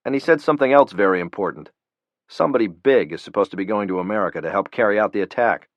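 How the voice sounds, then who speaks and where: A male narrator doing a field officer reporting briskly and urgently, a little raised. The recording is dull and dry. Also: on the low side, no room sound, lightly acted.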